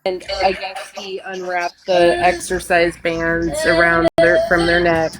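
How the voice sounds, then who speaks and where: Woman on a live stream, slow and hesitant, flat voice, noisy audio. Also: lowish voice. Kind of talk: casual live stream chat.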